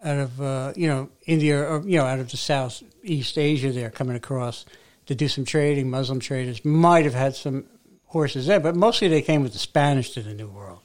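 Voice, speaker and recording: A man's voice: mid-range voice, moderate pace. A man co-hosting a podcast, telling stories in casual, rambling chat with frequent restarts. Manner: rambling, self-interrupting storyteller. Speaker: podcast co-host.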